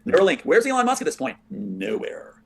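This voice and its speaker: A man telling a long theory in quick conversational bursts, repeating short punchy phrases to drive each point home. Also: a little high, wildly swooping pitch, vocal fry. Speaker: guest explaining a theory. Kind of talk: rapid conversational storytelling.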